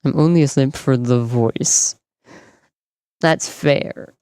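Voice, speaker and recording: A man's voice: mid-range voice, takes it slowly, warm tone, clean tone, no echo. A man whose first language is French, speaking with a light French accent. He chats with his stream while gaming, joking, swearing and laughing often, and he sounds tired from staying up all night. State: tired from no sleep. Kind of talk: casual gaming stream chat.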